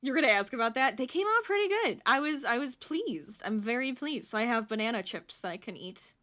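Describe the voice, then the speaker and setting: A woman's voice: on the high side, sing-song, a little fast, pushed and bright. A woman streaming live while she crochets, chatting and laughing with her viewers and counting stitches under her breath.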